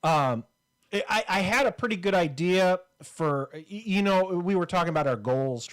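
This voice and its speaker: A man's voice: high voice, animated, normal speed, a bit bright. A man co-hosting a comedy podcast, rambling and joking in casual banter. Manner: rambling, joking, with frequent fillers. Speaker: podcast co-host.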